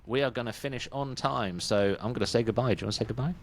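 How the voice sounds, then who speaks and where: A man's voice: mid-range voice, fast talker, few pauses. A British man hosting a music podcast in casual, chatty talk, often laughing. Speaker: podcast host. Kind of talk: casual chat.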